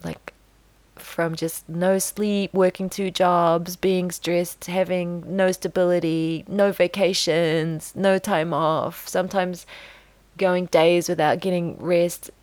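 A woman's voice: lowish voice, flat delivery, takes it slowly, darkish tone, no echo. A burnt-out woman talking casually to camera, rambling and self-deprecating, acting out little conversations in quoted voices. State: tired, burnt out. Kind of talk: casual vlog monologue.

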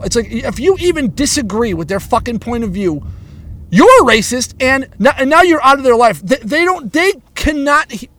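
High-voiced man on a profane rant. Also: fairly bright tone, no room sound. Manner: heated, swears constantly, stammers and restarts.

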